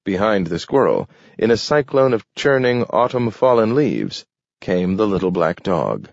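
A man narrating an audiobook in a measured, deliberate reading. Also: fairly low pitch, very animated, creaky, dry recording. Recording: dull lo-fi recording.

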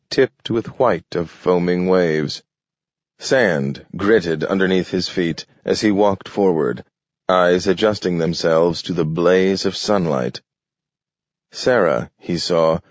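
Male audiobook narrator, very low and slow, measured and descriptive, dull audio. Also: dry recording. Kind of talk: scripted narration.

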